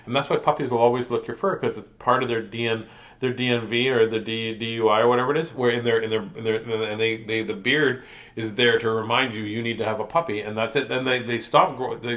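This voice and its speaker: A man's voice: mid-range voice, fairly bright tone. Playful man reading storybooks to kids. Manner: playful, silly, joking tangents. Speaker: host reading picture books to children. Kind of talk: storytime reading and rambling chat.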